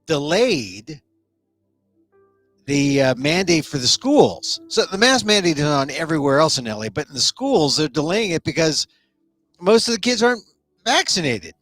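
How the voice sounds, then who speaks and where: Brief: male host, animated and rambling, slightly higher voice, dry close sound. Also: moderate pace, no room sound, faint music behind. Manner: animated, rambling, joking asides. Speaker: talk show host. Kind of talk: casual live-stream monologue.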